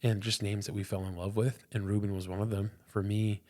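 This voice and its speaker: A man's voice: fairly low pitch, level tone, brisk, a little mellow. A young man and pastor, a podcast guest, telling a personal faith story in an earnest, casual way, often repeating words and saying "dude".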